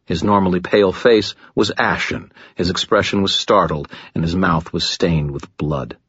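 Male audiobook narrator, deep husky voice, dry close mic, muffled lo-fi sound. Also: moderate pace, dry recording. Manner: gritty, dramatic, low and steady. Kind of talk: first-person audiobook narration.

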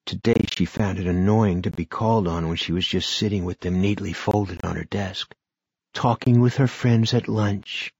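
A man giving a measured, expressive audiobook narration. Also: fairly low pitch, breathy edge, dry recording.

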